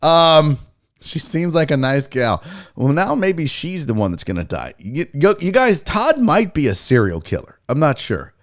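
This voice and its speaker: A man's voice: on the high side, very animated, unhurried. Tipsy, rowdy male sports streamer. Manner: tipsy, loud, joking, swears often. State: a little drunk. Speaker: sports talk show host. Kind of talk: casual livestream talk.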